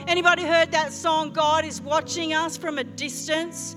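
A woman pastor preaches with a high voice, telling her story earnestly and restarting phrases as she goes. The long reverb of a church hall carries her voice, with music playing clearly behind. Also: steady tone, normal speed, hardly any pauses. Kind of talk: sermon.

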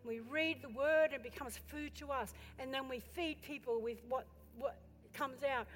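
A woman pastor preaching a sermon with passion, building to loud exhortation and turning to the congregation with chatty questions and asides. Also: high voice, moderate pace, slight background noise. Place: church. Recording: echoey hall with faint music.

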